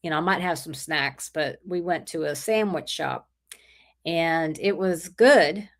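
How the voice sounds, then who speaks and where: A woman's voice: low voice, unhurried. A middle-aged woman with a sore throat, hosting a casual livestream and chatting through viewer comments. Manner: chatty, rambling, greets viewers by name. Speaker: livestream host.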